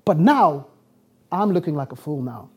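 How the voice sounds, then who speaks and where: A preacher from South Africa telling his story in a sermon, acting out the dialogue and breaking into quick laughs. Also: on the high side, lively intonation, husky.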